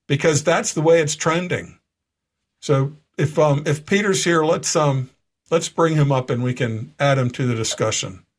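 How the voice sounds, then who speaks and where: A male radio host talks at length in a rambling monologue, stopping and restarting often with fillers along the way. His voice sits somewhat high for a man. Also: normal speed. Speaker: radio talk show host. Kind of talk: monologue on a talk radio show. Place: Florida.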